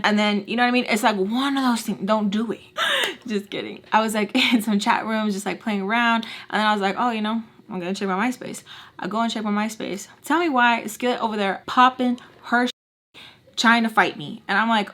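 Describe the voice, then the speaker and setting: A woman's voice: medium pitch, fairly quick, a bit bright. Chatty young woman telling a story. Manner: chatty, filler-heavy, acts out quoted lines. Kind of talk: casual storytime vlog.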